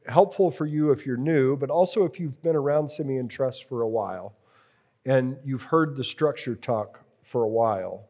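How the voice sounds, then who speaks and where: A man teaching a preaching workshop to a live group, slow and deliberate, repeating key phrases as he works through a drawing. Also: fairly high pitch, a little mellow.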